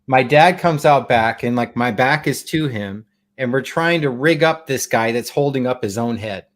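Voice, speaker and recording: A man's voice: mid-range voice, normal speed. A man co-hosting a casual chat show, telling stories energetically and laughing often.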